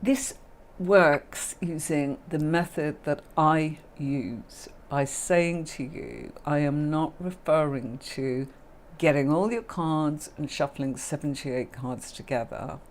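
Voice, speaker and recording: A woman's voice: deep voice, takes it slowly, a little hiss or hum. A middle-aged woman, hosting a livestream and teaching tarot in a chatty, affectionate way. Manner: chatty and affectionate, calls viewers darling and my lovely. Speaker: tarot reader and livestream host.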